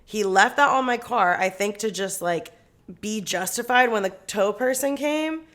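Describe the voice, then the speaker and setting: A woman's voice: mid-range voice, normal speed, fairly bright tone. A young woman co-hosting a podcast, telling a story in a casual chat, acting out quotes and laughing often. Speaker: podcast co-host.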